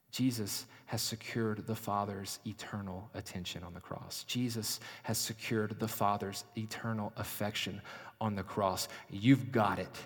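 Man preaching in an echoing hall. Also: mid-range voice. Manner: dynamic preaching, rising loud then dropping to near whisper. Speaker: pastor. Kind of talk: sermon. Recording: long hall reverb.

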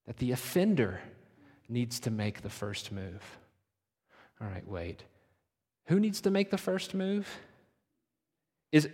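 A man preaching a sermon as pastor, pressing points hard, then dropping to hushed, slowed phrases. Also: mid-range voice. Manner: emphatic, swinging from loud urging to hushed, slowed phrases. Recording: long hall reverb.

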